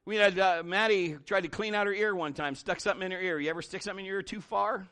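High, bright-voiced man preaching. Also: fast talker, smooth. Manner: animated, conversational preaching with lively pitch swings. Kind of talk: sermon.

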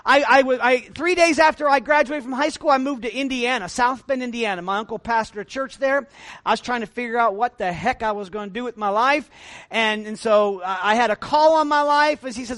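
Animated, dry-sounding middle-aged male pastor preaching. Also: extremely high pitch, brisk, no room sound. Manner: animated preaching with big swings between quiet asides and loud emphatic lines; self-deprecating humor, chatty asides to the congregation. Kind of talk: sermon.

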